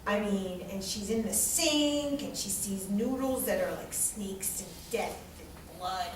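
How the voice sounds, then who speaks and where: A woman teaching a class, lecturing in a dramatic and animated way and swearing freely. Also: mid-range voice, measured pace, noisy background. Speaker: instructor leading a class. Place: large echoey classroom. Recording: echoey classroom, distant mic.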